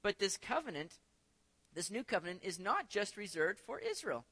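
Male pastor, sermon delivery, emphatic and questioning, raised and bright tone. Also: high voice, big pitch swings, normal speed, vocal fry, breathy edge. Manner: emphatic preaching with rhetorical questions.

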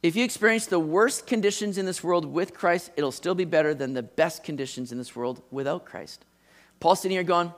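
High-voiced man preaching conversationally. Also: a little fast. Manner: conversational teaching, acts out quotes. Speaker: pastor. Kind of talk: sermon.

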